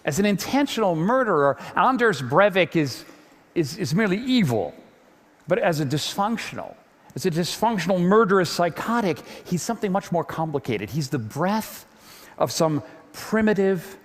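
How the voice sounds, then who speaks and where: A man giving a lively stage talk to an audience, animated, often repeating words as he builds up steam. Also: high voice, normal speed, in a large hall. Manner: animated, repeats words when getting going.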